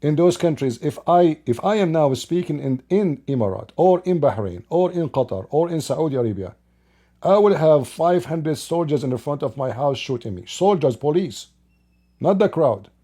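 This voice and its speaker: A man's voice: fairly high pitch, expressive, moderate pace, mellow, breathy edge. A man delivering an opinionated commentary monologue, emphatic and scornful, firing off rhetorical questions in plain, broken grammar. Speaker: online commentator.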